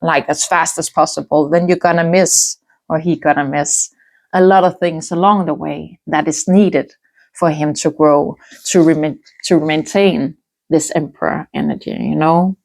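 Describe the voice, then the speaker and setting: A woman talks through a tarot reading at an unhurried, drawn-out pace. Her voice sits a little low, and she muses aloud, humming softly and restarting her words as she goes. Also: fairly even intonation, gravelly. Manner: musing, thinks aloud with soft hums and restarts. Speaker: tarot reader. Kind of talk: casual spoken tarot reading.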